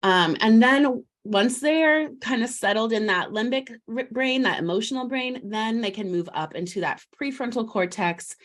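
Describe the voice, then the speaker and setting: A woman guest in a parenting interview, explaining child development in lively, talkative bursts, often slipping into a gentle voice to model what a parent says to a child. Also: on the high side, normal speed, hardly any pauses. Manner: animated, warm explaining, acts out soothing words to a child; frequent restarts and fillers, laughs lightly.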